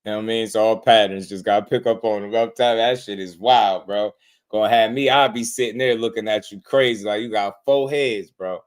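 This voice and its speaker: A man's voice: lowish voice, steady tone, brisk. A man hosting a boxing channel, reacting to clips in casual, slangy commentary, laughing often and rambling between thoughts.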